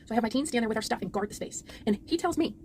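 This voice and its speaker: A middle-aged woman vlogger telling a story in a rapid, exasperated rant, frazzled and trying to hold it together. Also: fairly high pitch, lively intonation, a little mellow, a little hiss or hum.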